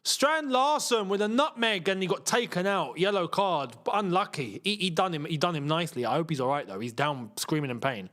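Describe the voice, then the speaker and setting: Male watchalong host, high-pitched and very lively, jokey and chatty. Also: fairly quick, hardly any pauses. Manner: joking, laughs often. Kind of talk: casual live match commentary.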